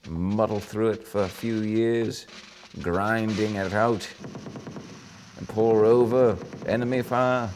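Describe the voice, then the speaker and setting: Actor playing a bluffing old British army sergeant, pompous and rambling; deep voice, slow delivery. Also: male voice, fairly even intonation, darkish tone, a little hiss or hum. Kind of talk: improvised mock interview.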